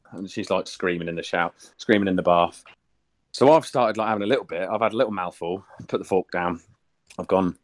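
Sweary bloke telling a story. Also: male voice, sits low, quick pace, dry recording. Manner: laddish, swears freely, jokey. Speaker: podcast guest. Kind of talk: casual storytelling chat.

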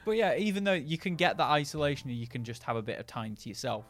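A man's voice: on the high side, expressive, fast, a bit bright, no room sound. A man in a casual, rambling chat about games, hedging often with fillers. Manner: rambling, hesitant, lots of fillers. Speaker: podcast co-host.

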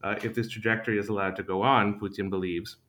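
Calm, low-voiced male analyst. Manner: calm, analytical, frequent uh pauses. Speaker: guest analyst. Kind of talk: discussion panel commentary.

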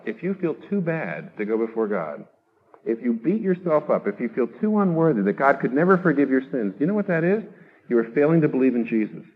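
A man preaching a sermon, emphatic, rising to loud exhortation and then dropping low. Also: slightly rough, phone-quality sound. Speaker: pastor.

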